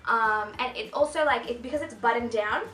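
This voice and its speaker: A woman's voice: on the high side, a little fast, bright, forceful tone. A young woman in her twenties chatting through a shopping haul for her channel, bubbly and rambling with lots of asides. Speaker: fashion vlogger. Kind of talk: casual shopping haul chat. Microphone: camera mic. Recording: roomy echo, faint music.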